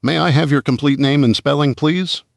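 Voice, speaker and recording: A poised young woman TV reporter speaks in a polite, composed way. A man voices her for an audiobook, raising his pitch. The sound is dry and near the mic. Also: normal speed, gravelly, no room sound. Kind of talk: audiobook character voice.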